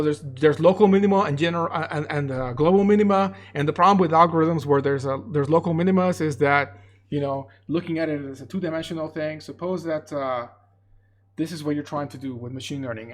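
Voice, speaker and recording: A young man giving a casual livestreamed lecture on machine learning, explaining loosely with frequent repeats and restarts. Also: fairly high pitch.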